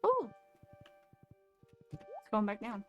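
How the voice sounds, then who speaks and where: A woman's voice: medium pitch, huge pitch swings, slow pace, dull audio. A woman in her twenties telling a story casually while streaming at home, blunt and sarcastic, swearing freely. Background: faint background music.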